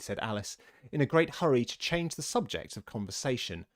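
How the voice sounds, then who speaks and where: A man reading a children's classic aloud in an expressive storybook narration. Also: on the low side, fairly quick. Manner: animated, lively reading voice.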